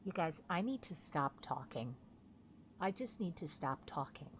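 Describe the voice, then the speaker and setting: A woman's voice: low-pitched, animated, unhurried, slight background noise. A young woman streaming a game, rambling in a chatty, self-deprecating way as she plays. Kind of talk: casual gameplay commentary.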